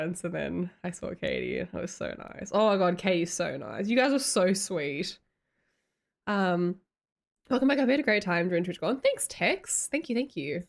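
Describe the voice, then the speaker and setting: A woman's voice: medium pitch, expressive, normal speed, vocal fry. A woman chatting casually on a livestream, reading chat aloud and telling stories with lots of giggles.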